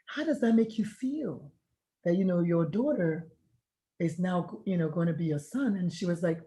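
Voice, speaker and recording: A woman's voice: fairly low pitch, moderate pace, mellow. A middle-aged woman, a retired pediatrician turned life coach, reflectively sharing her story in an interview and acting out past conversations. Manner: reflective, earnest, retells conversations in dialogue. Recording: echoey room sound.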